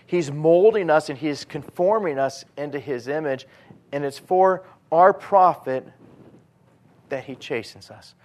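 Animated male preacher with a higher voice. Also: a little slow. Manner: animated, swings between loud emphasis and quiet asides. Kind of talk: sermon.

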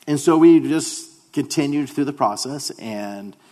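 A man's voice: medium pitch, a little slow, dark tone, in a large hall. A male pastor giving a sermon, telling a personal story in a humorous, conversational way.

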